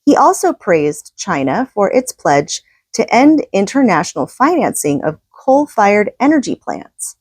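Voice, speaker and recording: A woman's voice: medium pitch, darkish tone, dry recording. A woman reading from a book and commenting in a casual, opinionated, conversational way.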